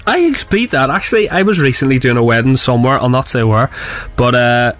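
A young man, hosting breakfast radio in a casual, animated way and laughing often. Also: mid-range voice, brisk, soft background music.

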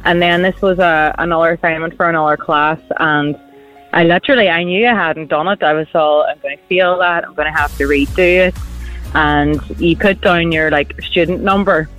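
A woman's voice: sits low, moderate pace, faint music behind, rough recording. A woman from Derry with a Derry accent, calling in to a radio show and telling an anecdote with frequent giggles. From Derry, Northern Ireland. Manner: giggly, animated storyteller. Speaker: caller. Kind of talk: phoned-in anecdote.

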